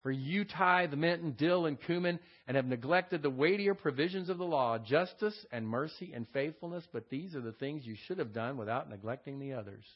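A man's voice: a little high, lively intonation, moderate pace, hardly any pauses, husky, lo-fi sound. A man teaching a verse-by-verse Bible lesson in a conversational way, reading scripture aloud and stressing key words. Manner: conversational, reads scripture aloud with added emphasis.

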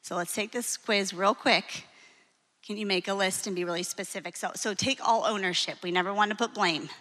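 A woman in her forties, a marriage coach, giving a lively, frank and encouraging talk to a live audience. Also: medium pitch, fairly quick. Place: hall with an audience. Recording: long reverb of a large hall.

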